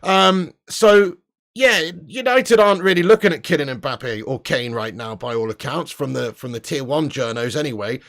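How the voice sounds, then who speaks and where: A man's voice: medium pitch, lively intonation, moderate pace, fairly bright tone. A man hosting a live football fan stream, chatty and swearing freely while laughing and reading out viewer comments. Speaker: football channel host. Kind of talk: casual livestream commentary.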